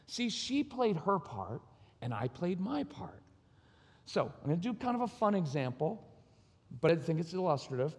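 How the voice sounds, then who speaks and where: A man's voice: high-pitched, sing-song, normal speed, slightly rough. A man giving a candid, personal talk at a conference, acting out bits of dialogue as he tells his stories. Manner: candid, acts out quoted dialogue. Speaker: conference speaker on parenting and marriage. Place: conference hall. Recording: long reverb of a large hall.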